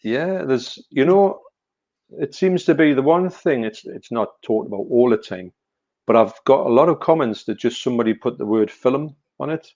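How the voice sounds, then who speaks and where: A man's voice: medium pitch, expressive, moderate pace, darkish tone. A man with a Newcastle accent, chatting casually on a video call and telling rambling, self-mocking stories. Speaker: live stream co-host. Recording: dull lo-fi call audio.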